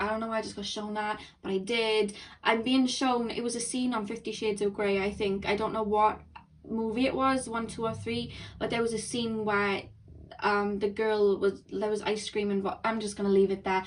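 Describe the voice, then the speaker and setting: A young woman giving a chatty tarot reading, rambling and excitable, talking quickly. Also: mid-range voice, far from the mic. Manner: excitable, rambling, talks fast. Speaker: tarot reader. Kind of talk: chatty intuitive card reading.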